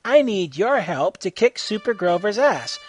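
A man voicing a gritty female vigilante, raised husky voice, lively swings, snarling threats. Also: sits high, measured pace, faint music behind, voice pushed up, heavily acted. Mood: angry. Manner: shouting, barking threats. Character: gritty vengeful female vigilante hero, hot-tempered. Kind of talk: amateur audio story reading.

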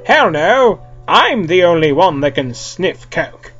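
A podcast reader voicing a brash, greedy bartender woman in a comic fan-fiction reading, shrill and loud. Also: sing-song, takes it slowly, dull audio, soft background music. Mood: bossy.

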